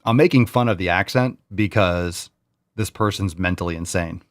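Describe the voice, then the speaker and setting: Male reaction host, lowish voice, dry close sound, mocking and disbelieving. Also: normal speed, no room sound. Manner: mocking, incredulous, repeats clips. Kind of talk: reaction commentary.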